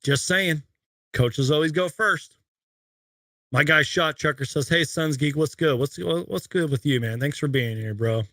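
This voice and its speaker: Young guy streaming from his room, bright dry voice, chatty and rambly. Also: fairly high pitch, moderate pace, few pauses, no room sound. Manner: chatty, reads viewer questions, rambling asides. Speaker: live stream host. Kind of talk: casual live Q&A stream. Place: home room with shelves of collectibles.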